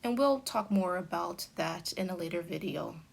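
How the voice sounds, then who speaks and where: A woman teaching an English grammar lesson, speaking in a careful, deliberate way and reading out example sentences. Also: fairly low pitch, expressive, creaky. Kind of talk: slow explanatory grammar lesson.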